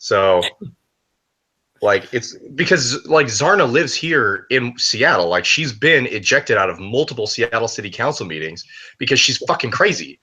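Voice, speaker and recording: A man's voice: medium pitch, expressive, normal speed, sharp tone, breathy edge. A young man chatting casually, blunt and profane, rambling with lots of "like" fillers. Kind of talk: casual chat.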